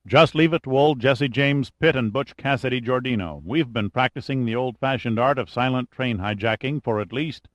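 A man's voice: medium pitch, moderate pace, hardly any pauses, no echo, natural voice. Man reading a wry, confident adventurer.

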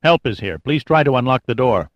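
A man voicing a calm, good-humored male rescuer who talks soothingly and cracks easy jokes. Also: medium pitch, fairly quick, no echo, dull audio, lightly acted. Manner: soothing, joking, easygoing.

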